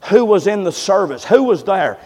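A man preaching a sermon in a church, moving from hushed, low passages to loud, fervent ones. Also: very animated, normal speed, long reverb tail. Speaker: pastor. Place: church sanctuary.

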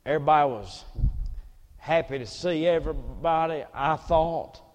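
A man preaching a sermon as personal testimony, earnest storytelling that drops to near hushes and rises again. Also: a little high, moderate pace, big-room sound.

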